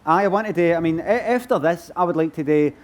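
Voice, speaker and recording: On a book festival stage, a Glaswegian comedian takes audience questions, rambling and poking fun at himself. His voice is a little high and his pace quick.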